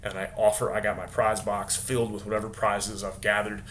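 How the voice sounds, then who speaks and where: A man's voice: lowish voice, level tone, a little fast, fairly bright tone, slight background noise. A male teacher explaining a classroom name game in a casual, upbeat way, acting out bits of dialogue with students. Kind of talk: casual instructional talk to camera.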